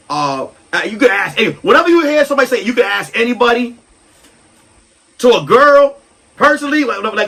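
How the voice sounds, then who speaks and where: A man in his thirties hosting a solo comedy podcast, ranting loudly and animatedly and breaking into shouts. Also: high-pitched, slightly rough, distant mic, poor audio. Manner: loud, animated, swings into shouting. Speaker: podcast host.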